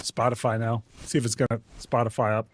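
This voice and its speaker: A man streaming a game live, talking to his chat in a casual, exasperated rant and yelling when things go wrong. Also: medium pitch, little pitch movement, fairly quick, slight background noise. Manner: exasperated, ranting, yelling in frustration. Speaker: vtuber streamer.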